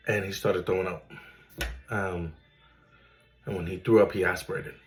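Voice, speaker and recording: A man's voice: low voice, steady tone, normal speed, soft background music, low-quality recording. A man, earnestly telling his own emotional story as a father, with many fillers. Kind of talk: personal storytelling to camera.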